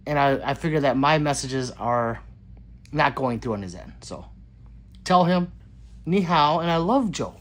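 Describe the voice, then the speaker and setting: A man's voice: medium pitch, expressive, moderate pace. A man hosting his own gun channel livestream, reading viewer comments aloud and joking back in a loose, casual way. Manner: loose, joking, swings between loud greetings and mutters. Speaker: gun channel host reading live chat.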